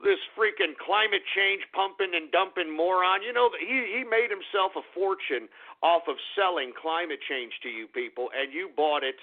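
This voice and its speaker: A male talk-radio host on a profane, ranting monologue, dropping to grumbles then erupting into shouts. His voice runs high for a man, and the sound is thin and boxy like a phone line. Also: normal speed. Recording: tinny phone-like radio audio.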